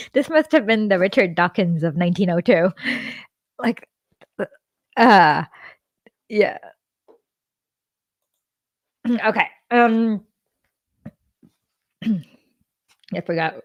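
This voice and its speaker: A woman's voice: mid-range voice, expressive, extremely slow, long pauses. A woman hosting a livestream, reading a book aloud and breaking off for chatty asides and self-corrections.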